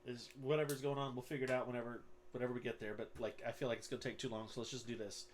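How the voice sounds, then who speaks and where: Man, game master, mid-pitched voice, casual animated narration, faint room noise. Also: rapid-fire. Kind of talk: narrating a tabletop game online.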